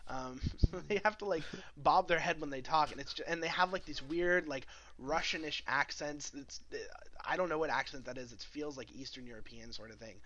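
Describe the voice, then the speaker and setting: A man's voice: a little high, fairly quick, fairly bright tone, muffled recording. A man co-hosting a podcast, recapping an episode in a rambling casual chat full of fillers and laughs. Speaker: podcast co-host.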